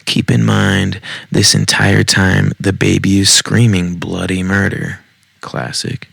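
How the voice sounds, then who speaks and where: Low gravelly man reading stories. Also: level tone, slow, a bit bright, no echo. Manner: wry, profane asides. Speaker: podcast host reading Reddit stories. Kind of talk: casual storytime reading. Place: home basement.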